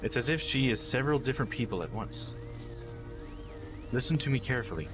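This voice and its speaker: A man's voice: mid-range voice, lively intonation, brisk, over music. A man live-streaming a game, chatting with viewers and reading the game's text aloud.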